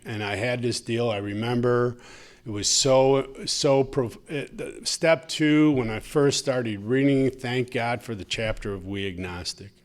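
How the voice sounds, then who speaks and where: Man telling his recovery story. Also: medium pitch. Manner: conversational, humorous, gets emotional. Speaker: AA speaker sharing his story. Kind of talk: personal recovery talk. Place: meeting room, live audience.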